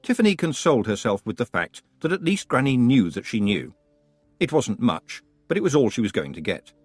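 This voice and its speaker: A man narrating a fantasy audiobook with expressive, wry storytelling. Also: medium pitch, fairly quick, slightly rough, no echo, faint music behind. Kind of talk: scripted narration.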